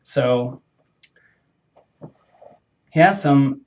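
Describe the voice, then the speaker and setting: Young guy rambling thru a made up story while getting a haircut, kinda high voice, muffled lo-fi audio. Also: unhurried, a little mellow. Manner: playful, rambling, self-correcting. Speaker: vlogger. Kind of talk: casual storytelling during a haircut.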